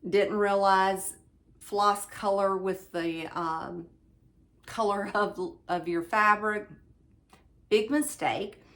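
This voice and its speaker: Speaking at medium pitch, a woman runs a relaxed show-and-tell on her cross-stitch channel, displaying finished work from home. She says "um" a lot between thoughts, addresses viewers as "you all," and a fan can be heard running.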